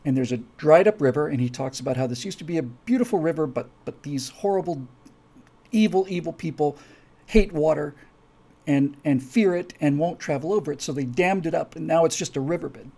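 A man's voice: on the high side, a little fast, mellow. A man who writes his own story project, chatting casually and enthusiastically to viewers with many restarts.

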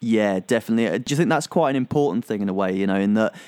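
A man's voice: on the low side, very fast, a little mellow, no room sound, clean studio sound. A man hosting an interview, asking long, wandering questions in a casual chat. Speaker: interviewer, host.

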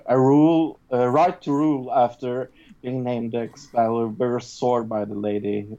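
A woman with a low, mellow voice co-hosts a casual news podcast. She talks loosely, with plenty of fillers. The recording sounds dull and lo-fi. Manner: casual, filler-heavy, swears offhandedly. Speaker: podcast co-host. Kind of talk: casual chat and reading news stories.

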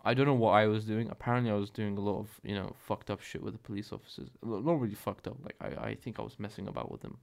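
A young man hosts a casual solo podcast, telling a rambling, profane story and correcting himself as he goes. His voice is on the low side and gravelly, with fairly even intonation, and he talks fast with hardly any pauses.

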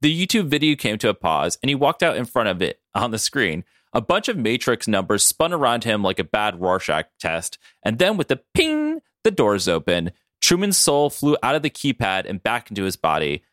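A man's voice: fairly low pitch, normal speed, hardly any pauses, dry recording, clean studio sound. A man co-hosting a podcast, reading silly fan fiction aloud and laughing at it. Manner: animated, breaks into laughter. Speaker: podcast co-host.

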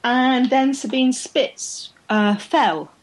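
A woman's voice: high voice, extremely slow, rough recording. A woman co-hosting a podcast in casual chat, chatty and laughing easily, sometimes stumbling over names. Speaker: podcast co-host.

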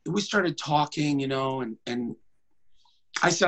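A man, a tenor singer, telling comic stories in a conversation in an animated way. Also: a little high, measured pace, long pauses, poor audio. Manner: animated, jumps into voices.

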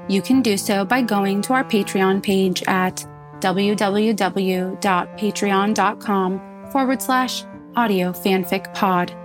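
A woman reads a podcast outro in a brisk, promotional way at a middle pitch. Instrumental music plays clearly behind her. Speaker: podcast host. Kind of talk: scripted outro. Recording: voice over music bed.

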